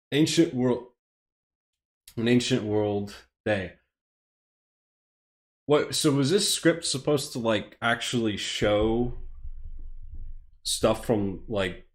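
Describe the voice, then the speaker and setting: A man's voice: on the low side, slow, long pauses. A man with an American accent, reading a script aloud on a live stream and rambling in self-deprecating asides. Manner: rambling and self-deprecating, chuckling between phrases. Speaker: streamer, host.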